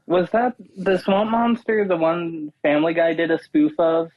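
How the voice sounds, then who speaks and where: A man's voice: fairly high pitch, steady tone, moderate pace, dry recording, muffled recording. A man in casual podcast chat, hesitant and trailing off as he tries to recall things. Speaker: podcast co-host.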